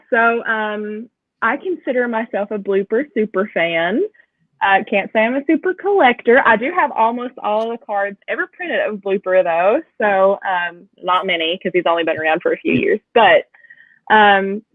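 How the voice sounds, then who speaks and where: A woman's voice: mid-range voice, no echo. A woman guest chatting in a casual interview, enthusiastic and talkative, laughing often, speaking over a video call. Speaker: guest collector. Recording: tinny phone-like call audio, dry.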